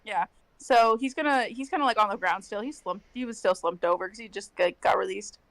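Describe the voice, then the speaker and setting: A woman's voice: mid-range voice, brisk, fairly bright tone, no echo. A woman playing in a tabletop game, chatting eagerly and joking with friends. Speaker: player. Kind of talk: casual tabletop game chat.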